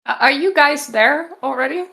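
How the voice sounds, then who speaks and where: A woman playing a tabletop role-playing game who talks eagerly and chattily in character. Her voice is high-pitched. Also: moderate pace, gravelly, bright, forceful tone. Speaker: player.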